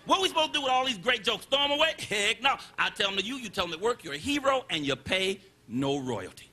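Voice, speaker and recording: High, bright, animated male comedian. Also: fast. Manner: loud, animated, repeats punchlines and phrases. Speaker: stand-up comedian. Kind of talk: live stand-up set. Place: comedy stage with live audience.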